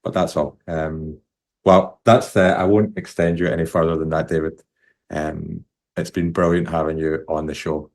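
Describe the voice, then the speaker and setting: Deep-voiced British podcast host, rambling. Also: male voice, flat delivery, normal speed, vocal fry, darkish tone. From United Kingdom. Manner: rambling, self-interrupting, chuckles often. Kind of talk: casual interview chat.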